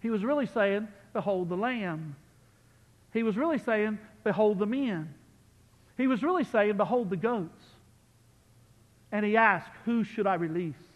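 Impassioned pastor preaching in a church hall. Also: male voice, high voice, expressive, measured pace, long pauses, highs cut off. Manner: impassioned, rises loud on key phrases, drops to soft asides. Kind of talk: sermon. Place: church sanctuary.

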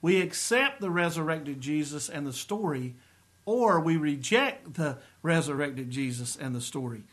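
A middle-aged man preaching in an earnest, emphatic way, slowing down to stress key phrases. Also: fairly high pitch, lively intonation, a bit bright. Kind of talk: sermon-style teaching.

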